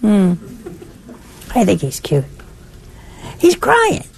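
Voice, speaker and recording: An older woman preaches in an easy, conversational way. Her voice is husky and a little breathy. It swings up high and drops low as she makes her points. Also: drawn-out words. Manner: lively, conversational, with wide swings in pitch. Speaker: religious speaker. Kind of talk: sermon-style talk.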